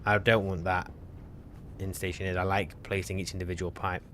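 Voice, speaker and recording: A man's voice: low voice, level tone, fairly quick, noisy background. A man live-streaming a co-op game, chatting casually and teasing his partner. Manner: chatty, self-correcting, teasing. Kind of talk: casual gameplay chat.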